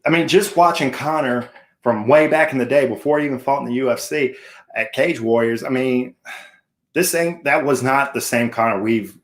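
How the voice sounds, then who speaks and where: A man's voice: mid-range voice, moderate pace. Chatty joking male sports host. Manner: chatty, jokey, asks co-host and viewers questions. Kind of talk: casual sports talk chat.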